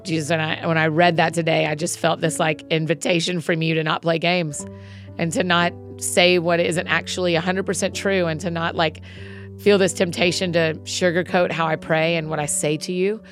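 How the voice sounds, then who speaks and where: A woman host reading scripture expressively and praying in a soft, informal way. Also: on the low side, level tone, normal speed, soft background music. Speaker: Bible reading podcast host. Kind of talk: scripture reading and spoken prayer.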